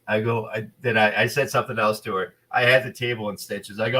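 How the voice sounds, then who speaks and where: A man's voice: on the low side, fast, hardly any pauses, far from the mic, slight background noise. A man with a New Jersey accent, an actor telling blunt, playful stories in a casual interview. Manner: animated storyteller, playful and blunt. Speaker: actor guest.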